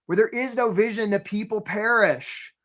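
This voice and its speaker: A man's voice: high voice, moderate pace, fairly bright tone. A man hosting a live career webinar, talking energetically and conversationally, often checking in with "right?" and greeting attendees by name.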